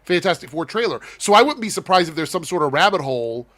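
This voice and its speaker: Guy hosting a chill stream, kinda high voice, swears a lot, laid back. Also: very animated, quick pace, fairly bright tone. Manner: loose and profane, laughing. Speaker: host. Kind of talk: casual chat.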